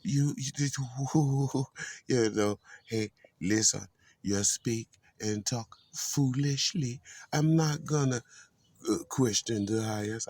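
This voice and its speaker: A man's voice: medium pitch, slow pace, darkish tone, dry recording. A man rambling about faith outdoors in a garden, preachy with playful asides. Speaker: spiritual vlogger. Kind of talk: rambling casual spiritual musing.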